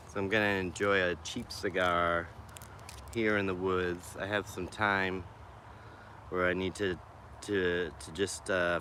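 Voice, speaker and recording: A man with a Boston accent talks in a low, forceful voice, rambling and greeting viewers by name as he livestreams. He speaks into a phone on a selfie stick from a small wooded patch in the city. Faint city noise runs behind him. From Boston, USA. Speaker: vlogger livestreaming. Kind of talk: casual livestream chat.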